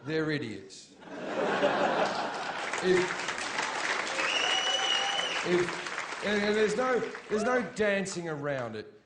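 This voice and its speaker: A man doing a stand-up routine before a live audience, profane and mocking, building up to shouted rants. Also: high-pitched, very animated, drawn-out words, pauses often, a loud crowd, very noisy. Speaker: stand-up comedian.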